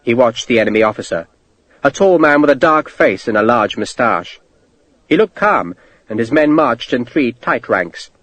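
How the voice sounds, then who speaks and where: A man reading a war novel aloud, his pitch rising and falling vividly through the action. The recording is dry and close, with no echo at all. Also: moderate pace. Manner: expressive storytelling delivery. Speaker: audiobook narrator. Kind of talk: scripted narration.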